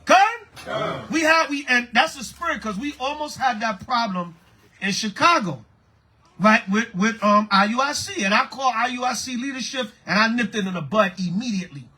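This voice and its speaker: A man preaching a lively street-style sermon, calling for responses from the congregation. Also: very high voice, moderate pace, husky. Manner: animated, preaching with call-and-response. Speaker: priest.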